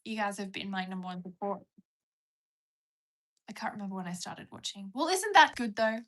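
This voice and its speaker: Bright-voiced rural Australian woman livestreaming. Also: medium pitch, expressive, moderate pace. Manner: chatty, rambling, drops to whispers. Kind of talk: casual live-stream chat reading comments.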